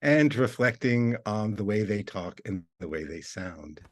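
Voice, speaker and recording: A man giving an academic video lecture as a university lecturer, explaining in a measured way. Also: lowish voice, lively intonation.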